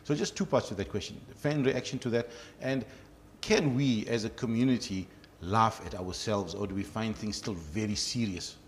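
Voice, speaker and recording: Enthusiastic low-voiced male host. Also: moderate pace, slight background noise. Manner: enthusiastic, long-winded questions. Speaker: interview host. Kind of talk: interview questions.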